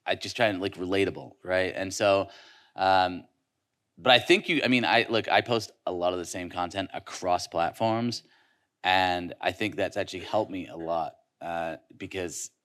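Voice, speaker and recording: A man with a very low voice chatting on a conference panel. He talks loosely and conversationally, full of "um" and "like," often restarting his sentences. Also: fairly bright tone. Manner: conversational, quick hooks, many fillers and restarts. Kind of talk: casual panel discussion. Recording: live conference session.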